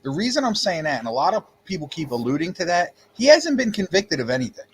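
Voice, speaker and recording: A man's voice: high-pitched, sing-song, fast talker, a little hiss or hum. A man chatting casually on a sports podcast, rambling and restarting sentences as he goes. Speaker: podcast co-host.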